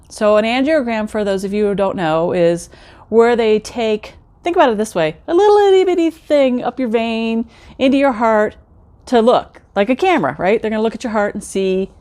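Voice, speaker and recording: A middle-aged woman telling her own story in a casual vlog, chatty and talking straight to her viewers. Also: medium pitch. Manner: chatty, addresses viewers directly, acts out quoted remarks.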